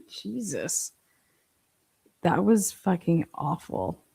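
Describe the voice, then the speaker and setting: Woman streamer, swearing reaction commentary, slow lively delivery, dry sound. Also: on the low side, gravelly, husky, no room sound. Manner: crude, laughing, sarcastic. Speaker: livestream host.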